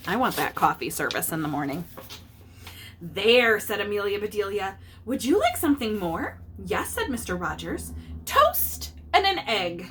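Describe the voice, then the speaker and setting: A woman reading a picture book aloud to her child, pausing to explain idioms and acting out the characters. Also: mid-range voice, sing-song, a bit bright, a little hiss or hum.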